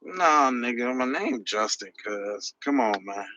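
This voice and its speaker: A man's voice: mid-range voice, expressive, unhurried, bright, forceful tone, lo-fi sound, slight background noise. A man hosting a podcast livestream, answering chat messages with sarcastic, mocking rants. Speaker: podcast host reading live chat. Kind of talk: heated livestream commentary.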